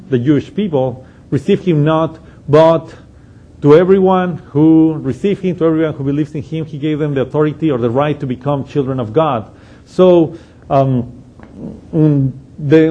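A man's voice: a little high, dark tone. A man giving an unscripted Bible study lesson, explaining a passage step by step and thinking aloud as he goes. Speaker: Bible teacher.

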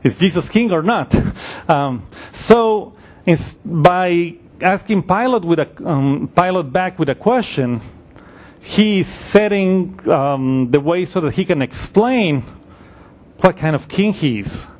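Man preaching a sermon, fairly high voice. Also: lively intonation, takes it slowly, a little mellow. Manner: explanatory, thinking aloud with fillers and restarts.

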